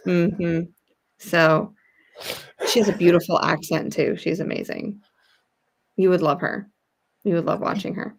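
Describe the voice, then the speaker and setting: Lady from new york, low gravelly voice, chill co-host just chatting. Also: steady tone, unhurried, pauses often. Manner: easygoing, lots of agreeing murmurs. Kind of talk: casual livestream chat.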